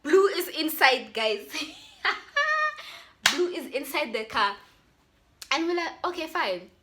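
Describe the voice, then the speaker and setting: A woman's voice: high-pitched, huge pitch swings, takes it slowly, noisy background. A young South African woman with an accent, chatting animatedly to her viewers as she tells a storytime. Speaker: YouTuber. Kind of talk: casual storytime.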